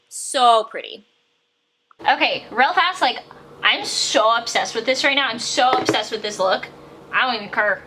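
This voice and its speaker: Bubbly high-voiced young woman vlogger. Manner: gushing, rambling, lots of "like". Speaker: beauty vlogger. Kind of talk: chatty makeup tutorial voiceover. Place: home bathroom. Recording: faint fan hiss. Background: bathroom fan noise.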